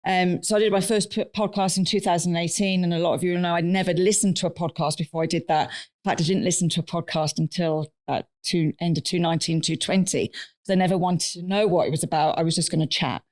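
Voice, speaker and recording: A woman co-hosting a live podcast in a studio, telling stories in a blunt, animated way and swearing freely. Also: fairly low pitch, fast. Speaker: podcast co-host. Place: recording studio with a live audience.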